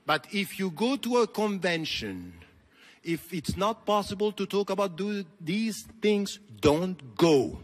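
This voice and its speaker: A man's voice: sits high, sing-song, takes it slowly, long reverb tail, slight background noise. A man giving an impassioned convention speech, with emphatic, repetitive rhetoric. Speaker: convention keynote speaker. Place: large convention hall.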